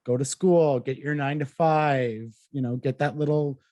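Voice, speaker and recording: A man's voice: medium pitch, steady tone, normal speed, dark tone, dry recording. A man hosting a podcast, thinking aloud in a reflective, hesitant way. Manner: reflective, hesitant, with many fillers. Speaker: podcast host. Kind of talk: casual podcast interview.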